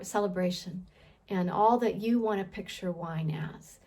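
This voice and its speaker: A woman teaches scripture in a relaxed, conversational way. She thinks aloud, often restarts and repeats words, and keeps putting questions to her listeners. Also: mid-range voice, measured pace. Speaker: Bible teacher. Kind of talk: casual Bible teaching.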